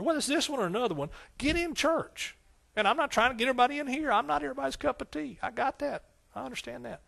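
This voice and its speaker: High-voiced preaching pastor. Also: male voice, gravelly, fairly bright tone. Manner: preaching with call-and-response questions to the congregation; repetitive, emphatic phrasing. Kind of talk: sermon.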